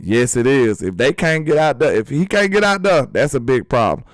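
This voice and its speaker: A man hosting a casual sports talk vlog, animated and emphatic, full of rhetorical questions. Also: medium pitch, moderate pace, no room sound. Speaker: sports channel host.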